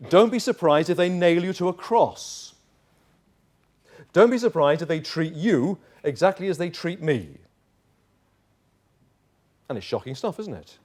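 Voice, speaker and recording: Male pastor, slightly high voice, emphatic sermon delivery in a church. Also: a little mellow. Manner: emphatic preaching, acts out voices in dialogue.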